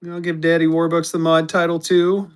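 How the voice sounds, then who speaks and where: Male live auction host, rambling chatty delivery, slightly high voice. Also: completely flat delivery, normal speed, smooth. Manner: rambling and chatty, restarts, talks to viewers by name. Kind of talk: casual live-stream selling chat.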